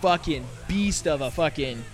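High-voiced guy cohosting, swears a ton, hyped about movies. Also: expressive, moderate pace, faint music behind. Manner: enthusiastic, swears freely. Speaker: podcast co-host. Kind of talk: casual chat.

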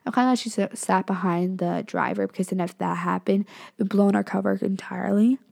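Rambling young woman with vocal fry. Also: mid-range voice, steady tone, brisk, darkish tone. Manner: rambling, profane, says "like" and "literally" a lot. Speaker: podcast host. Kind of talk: casual storytelling.

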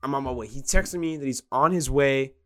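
A man's voice: mid-range voice, a little fast, a bit bright. A young man co-hosting a podcast, telling a story in casual chat, swearing often and laughing as he goes. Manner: swears a lot, laughs while telling stories. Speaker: podcast co-host.

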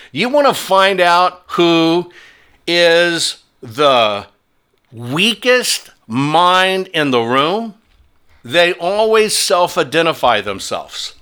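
Bright sneering combative male host. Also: on the high side, clear, resonant tone. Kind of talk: opinion talk show monologue.

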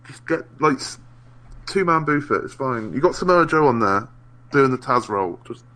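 Bright-toned man ranting about wrestling. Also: mid-range voice, moderate pace. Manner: swears freely, animated rants. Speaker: podcast co-host. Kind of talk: casual chat.

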